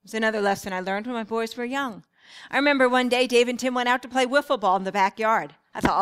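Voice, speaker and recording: A woman's voice: on the high side, fast, fairly bright tone, clean tone. A middle-aged woman speaking earnestly at a parenting seminar, telling stories from family life. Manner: earnest, storytelling.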